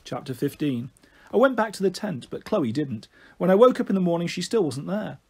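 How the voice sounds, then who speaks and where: A man reading a children's novel aloud in an expressive, animated way. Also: sits high, a little fast, husky. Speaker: storyteller.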